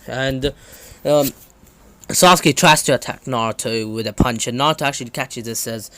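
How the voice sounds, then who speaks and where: A man's voice: medium pitch, moderate pace, fairly bright tone. A man casually retelling a fan story on his channel, loose and rambling with many ums and restarts. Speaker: channel host.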